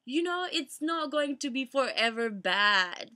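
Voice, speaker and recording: A young woman telling her personal story in a vlog, emotional and halting, fighting back tears, full of fillers and restarts. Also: high-pitched, lively intonation, pushed and bright. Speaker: vlogger.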